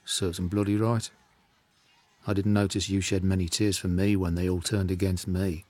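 A man's voice: low-pitched, level tone, moderate pace, no room sound. A man playing a volatile Brummie Achilles. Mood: scornful. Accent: Birmingham. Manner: volatile, swinging from sulky mutters to shouting. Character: proud sulking Greek warrior hero, man. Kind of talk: radio drama acting.

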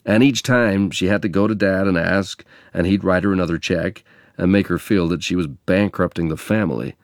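A man from England narrating a memoir in a measured, reflective reading. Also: sits low, no echo, studio quality.

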